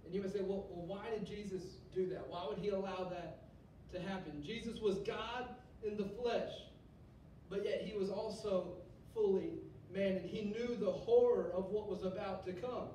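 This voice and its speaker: A man's voice: fairly even intonation, normal speed, warm tone. A man preaching a sermon to a student group in a conversational way, often tagging "right?" onto his points. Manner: conversational, rhetorical "right?" asides. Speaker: youth pastor. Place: church hall. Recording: echoey hall, mic from a distance, faint rumble.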